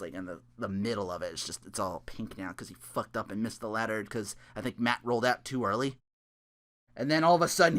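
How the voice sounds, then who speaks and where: Rambling, excitable young man recapping wrestling. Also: fairly high pitch. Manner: rambling, profane, laughs a lot, trails off. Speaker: wrestling reaction vlogger.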